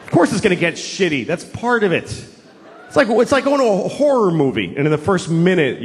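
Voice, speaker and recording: A man doing a stand-up comedy routine with an animated, profane, exasperated delivery. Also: sits high, brisk, slight background noise. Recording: reverberant hall, faint ambience.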